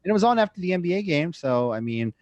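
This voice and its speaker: A man's voice: sits high, sing-song, fast talker, darkish tone, no room sound, highs cut off. A man hosting a podcast, chatting casually and recapping wrestling events in a chatty, easily amused way. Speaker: podcast host.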